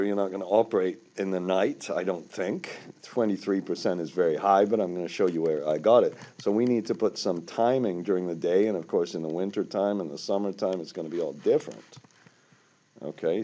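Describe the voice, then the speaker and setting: An older man talks through a spreadsheet lesson in a low, mellow voice. He rambles and corrects himself, then bursts into sudden emphasis. The recording sounds dull and lo-fi. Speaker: finance instructor. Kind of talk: screen-recorded spreadsheet tutorial.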